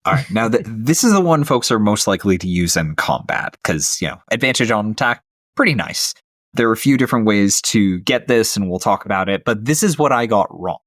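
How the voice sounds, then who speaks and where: A man's voice: fairly low pitch, animated, brisk, fairly bright tone, no room sound, clean studio sound. A man hosting a tabletop gaming podcast, explaining rules in an easygoing casual chat. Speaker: podcast host.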